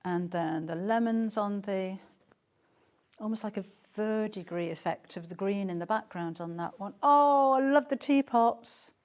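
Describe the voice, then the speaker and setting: Woman, middle-aged, live sales presenter, chatty, enthusiastic, rambling, mid-pitched voice. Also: measured pace, a little mellow. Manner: chatty, gushing, rambling with restarts. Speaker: shopping show presenter.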